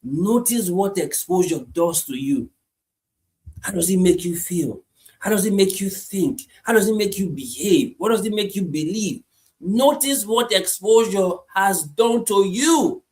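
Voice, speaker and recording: A man preaching a sermon, repeating his points emphatically and moving between hushed lines and loud climaxes. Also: high-pitched, animated, moderate pace. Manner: repetitive, emphatic, swings from hushed to shouting.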